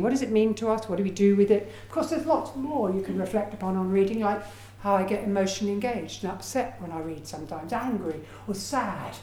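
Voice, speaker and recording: Chatty woman lecturing in an echoey room. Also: on the high side. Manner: lively, chatty, with personal asides and acted quotes. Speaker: education researcher giving a talk. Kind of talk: lecture presentation.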